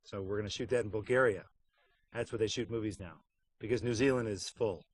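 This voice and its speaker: A man's voice: lowish voice, brisk, no echo. A middle-aged man in a casual behind-the-scenes interview, talking wryly and joking about voice work. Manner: wry, joking, puts on silly voices for anecdotes. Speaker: voice actor interviewed about a game.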